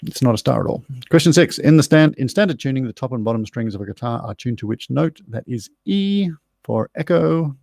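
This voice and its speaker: A man's voice: medium pitch, fast, vocal fry, hardly any pauses, a little mellow, no echo. A middle-aged Australian man hosting a pub quiz, reading out answers in a chatty way and spelling out words as he goes. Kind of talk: live-streamed trivia answers, casual chat.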